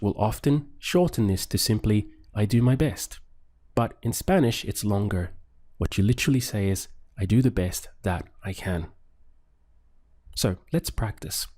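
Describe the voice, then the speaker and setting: A man with a mellow, fairly low voice leads a scripted language lesson for beginners. He speaks in slow, deliberate phrases and spaces each word clearly for the learner. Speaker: language teacher.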